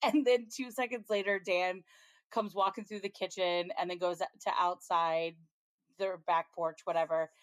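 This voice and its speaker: Chatty woman, low voice, very dry sound. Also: steady tone, unhurried, no echo. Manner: chatty, frequent ums, laughs while retelling scenes. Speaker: podcast co-host. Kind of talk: casual chat, recapping a TV episode.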